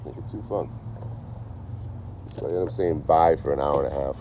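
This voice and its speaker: A man's voice: a bass voice, normal speed, noisy background. A man from the Boston area, chatting casually on a livestream outdoors, rambling and swearing freely. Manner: rambling, profane, laid-back. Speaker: traveling livestreamer. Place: outdoors behind a store. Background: faint passing vehicles.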